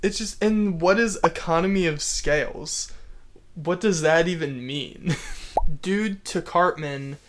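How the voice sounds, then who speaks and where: Amused, fairly high-voiced man. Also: takes it slowly. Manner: amused, chuckles often, sarcastic asides. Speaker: YouTube commentator. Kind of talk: casual comedic commentary reading comments.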